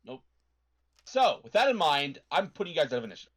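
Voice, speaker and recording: A man running a tabletop game as game master, making rulings briskly and chuckling often, on a live stream. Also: on the high side, big pitch swings, a bit bright. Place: home setup, online stream.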